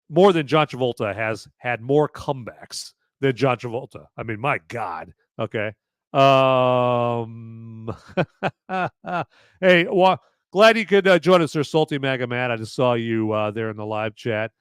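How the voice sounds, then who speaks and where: A man's voice: medium pitch, smooth, dry recording. A man hosting a live movie review podcast, rambling casually with many fillers and swearing. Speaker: podcast host.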